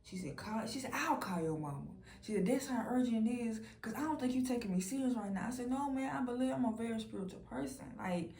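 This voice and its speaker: A woman's voice: fast talker, hardly any pauses. Young woman with telling viewers a story, kinda far from the mic in a roomy space with faint hiss. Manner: animated, quotes others in a low voice, profane. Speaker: vlogger. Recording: roomy and distant from the mic, faint background noise.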